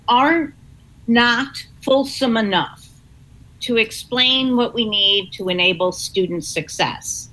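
A woman author answering interview questions in a measured, explanatory way. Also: medium pitch, pushed and bright, low-quality recording. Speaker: author and guest.

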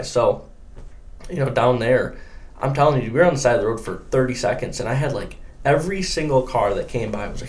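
Young man telling a lively story. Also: mid-range voice, a little fast. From Michigan. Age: young adult. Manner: animated storyteller, acts out quotes. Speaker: guest angler. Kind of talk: casual storytelling.

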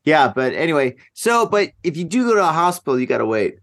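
Lively, joking man host. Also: fairly high pitch, fast. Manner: joking, teasing. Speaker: podcast host. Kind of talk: casual chat.

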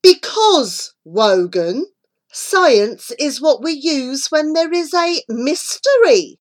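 A woman's voice: a little high, very animated, slow, a bit bright, voice pushed up, full character voice. A woman doing Flora, a bossy, patient schoolgirl. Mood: earnest. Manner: bossy and patient, explains things. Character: eager, earnest schoolgirl who makes plans.

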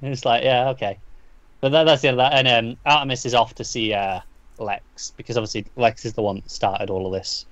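A man of middle pitch talks through a story in a loose, rambling way, restarting and repeating words as he goes. The sound is dull and slightly lo-fi, with a dry, close feel. It is casual podcast chat. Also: fairly even intonation, fast talker, fairly bright tone, no echo. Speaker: comic book podcast co-host.

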